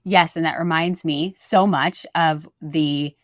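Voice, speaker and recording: A woman who is a mother, co-hosting a faith-based parenting podcast and telling stories in an animated way, acting out the lines she quotes. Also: deep voice, slow pace, dry recording, clean studio sound.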